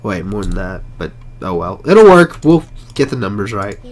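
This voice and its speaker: Hoarse man streaming a game. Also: lowish voice, very animated, moderate pace, a little hiss or hum. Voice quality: rough, crunchy throat. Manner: mutters to himself while playing, frequent swearing. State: hoarse, sore throat, sniffling. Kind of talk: casual live gameplay commentary.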